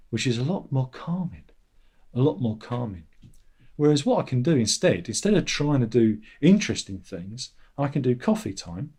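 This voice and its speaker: A man's voice: expressive, normal speed, a little mellow, husky. A middle-aged man, hosting a casual livestream chat in a sardonic, grumbling way. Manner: sardonic, grumbling, mocks commenters in a high whiny voice. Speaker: channel host.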